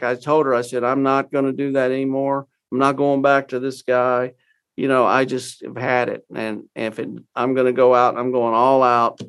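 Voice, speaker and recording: A gravelly-voiced Texan man in his sixties tells a long personal story as an interview guest. He drops into the voices of the people he quotes, and his pitch sits at an ordinary middle. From Texas. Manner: animated storyteller acting out quoted dialogue.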